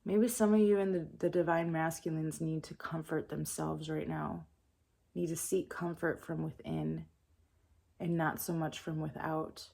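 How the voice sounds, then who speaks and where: Spiritual reader: woman, slow and meditative, low voice with a gravelly edge. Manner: calm, soft-spoken and meditative. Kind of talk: channeled spiritual message.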